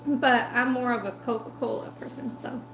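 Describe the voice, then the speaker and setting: A woman food vlogger telling a story in a chatty, animated way while eating, full of "like" and asides. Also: a little high, normal speed, reverberant, a little hiss or hum, rough recording.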